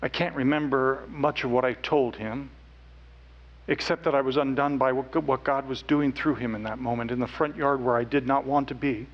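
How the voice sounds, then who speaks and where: A man speaking on stage, telling a personal story earnestly, dropping to hushed tones at times. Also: medium pitch, steady tone, moderate pace, highs cut off. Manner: earnest, with quiet hushed stretches. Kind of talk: emotional storytelling talk.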